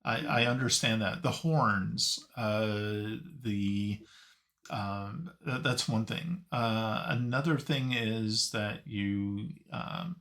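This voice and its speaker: A man narrating a tabletop game as game master, halting and searching for his words. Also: lowish voice, creaky, fairly bright tone.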